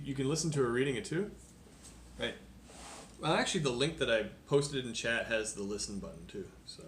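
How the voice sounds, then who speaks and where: Male streamer, mid-pitched, reads poems and chats casually with viewers, roomy and faintly noisy sound. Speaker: streamer reading poetry. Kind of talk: live stream poetry reading and chat.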